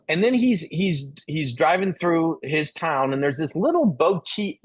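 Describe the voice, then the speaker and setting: A man speaking as a guest at a startup event, telling a story in an animated way and often repeating words as he builds it. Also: a little high. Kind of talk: conversational storytelling.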